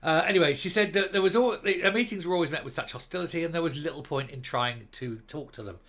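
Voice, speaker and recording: A man's voice: a little high, quick pace, fairly bright tone. A man giving opinionated, sarcastic commentary on a news article in a ranting manner. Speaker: commentary vlogger.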